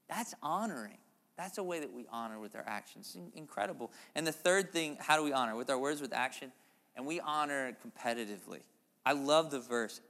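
A man preaching a sermon as a pastor, conversational and animated, with playful asides to the congregation. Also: fairly high pitch, in a large hall.

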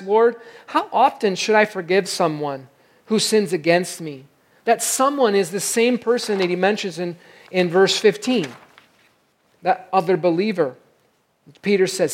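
A pastor preaching a sermon in a conversational way, reading scripture aloud and checking in with the listeners. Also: medium pitch. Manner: reads scripture aloud between comments.

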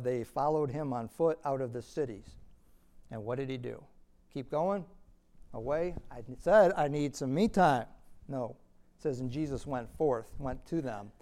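A man preaching a sermon with a voice pitched a little higher than most men's. He talks earnestly, climbs to emphatic peaks, then drops to soft, confiding asides. He reads scripture aloud between his own remarks. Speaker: pastor.

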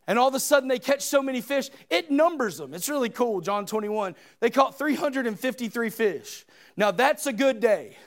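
A preacher with a very high voice delivers a sermon in church. He swings from loud, shouted exhortation to soft, hushed retellings of the story.

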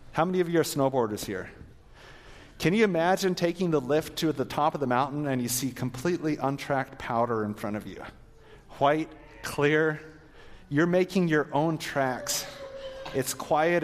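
A man preaching an earnest sermon to a live audience, then leading a prayer. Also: mid-range voice. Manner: earnest, exhorting, ends in prayer. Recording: long hall reverb.

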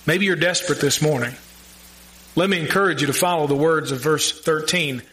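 A man preaching a sermon, earnest and conversational, with emphatic pauses and direct questions to the congregation. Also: a little high, a bit bright, poor audio. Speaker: pastor.

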